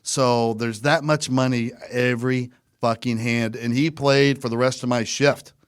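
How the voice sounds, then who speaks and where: A man's voice: mid-range voice, steady tone, unhurried, clean tone, dry recording, clean studio sound. A man co-hosting a podcast, telling rambling stories in casual, profane chat. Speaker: podcast co-host.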